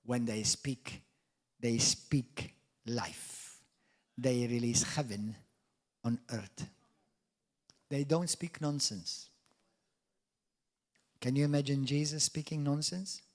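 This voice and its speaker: A middle-aged man preaching a sermon with emphatic swings in loudness, dropping in jokey asides. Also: mid-range voice, fairly even intonation, slow, long pauses. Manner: jokey asides and mock quotes of doubters. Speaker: pastor.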